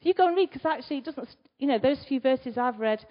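A woman giving a conversational sermon, asking the congregation rhetorical questions and moving between loud emphasis and quiet asides. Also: high-pitched, expressive, brisk. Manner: chatty, asks the listeners rhetorical questions. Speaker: preacher. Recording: slightly dull recording.

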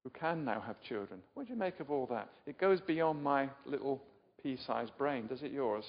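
A man's voice: medium pitch, animated, moderate pace. An older man from England giving a chatty, informal sermon, often asking his listeners questions and poking fun at himself. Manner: chatty, self-deprecating, asks the audience questions. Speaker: preacher. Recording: muffled sound in a reverberant hall.

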